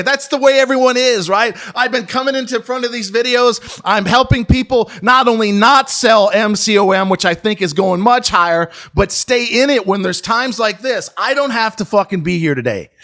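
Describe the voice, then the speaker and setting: Brash high-voiced American man. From United States. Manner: brash, boastful, profane and excitable. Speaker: stock trading channel host. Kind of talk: casual market commentary to camera.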